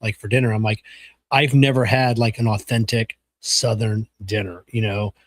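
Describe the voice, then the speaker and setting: A man's voice: fairly low pitch, flat delivery, normal speed, dry recording. A man co-hosting a podcast, telling stories in a loose, rambling way full of fillers. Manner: rambling, many fillers like "you know" and "like". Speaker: podcast co-host. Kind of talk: casual chat.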